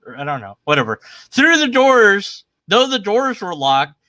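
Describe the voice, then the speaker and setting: Irreverent male commentator, bright tense tone, dry close sound, mocking delivery. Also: high voice, very animated, normal speed, dry recording. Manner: sarcastic, irreverent. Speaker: atheist commentator. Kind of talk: casual commentary reading scripture. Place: at his computer sharing his screen.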